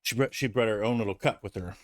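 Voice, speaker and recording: A man's voice: on the low side, quick pace, no room sound. A man casually telling a rambling personal anecdote, with frequent restarts and fillers. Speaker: vlogger. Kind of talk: casual storytelling.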